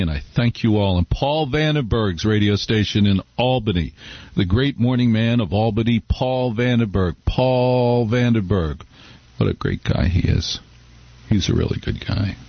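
A man's voice: on the low side, breathy edge, no echo, muffled recording. A middle-aged man hosting a talk radio show, chatting in a wry, rambling, conversational way. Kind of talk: casual talk radio monologue. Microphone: studio microphone.

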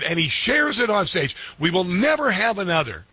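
A man hosting a talk radio show, chatting in an excitable, rambling way with many fillers. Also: high-pitched, normal speed, husky, no room sound, muffled recording. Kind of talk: casual opinionated talk radio.

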